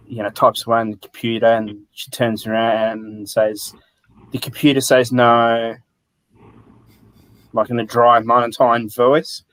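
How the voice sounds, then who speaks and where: Aussie man co-hosting a relaxed live chat, jokey banter, dead dry mic. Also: medium pitch, no room sound, poor audio. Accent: Australian. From South Australia. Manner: joking, banters with "mate". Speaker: co-host. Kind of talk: casual livestream chat.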